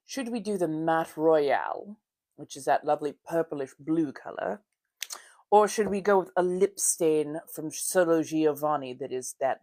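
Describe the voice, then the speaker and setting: Her low-pitched voice comes through with studio quality and no echo. She's an American woman hosting a casual livestream, chatting and warmly greeting viewers by name while doing her makeup and laughing often.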